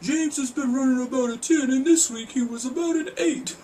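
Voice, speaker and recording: A man's voice: very high-pitched, a little fast, mellow, a little hiss or hum, voice pushed up. A man imitating a matter-of-fact music judge. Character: male record producer judging a singer, matter-of-fact.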